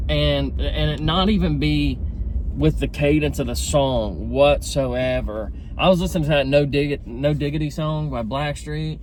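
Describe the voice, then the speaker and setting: A man's voice: fairly high pitch, measured pace, a little mellow, low-quality recording. Joking man talking over road noise. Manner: joking, rambling, laughs at own jokes. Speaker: vlogger. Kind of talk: casual rambling vlog while driving. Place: inside a car in traffic.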